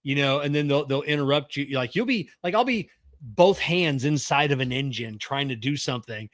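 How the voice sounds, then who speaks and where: A middle-aged man co-hosting a podcast, talking casually and gruffly with plenty of swearing, close to the mic. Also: medium pitch, lively intonation, moderate pace, no room sound. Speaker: podcast co-host. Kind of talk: casual chat.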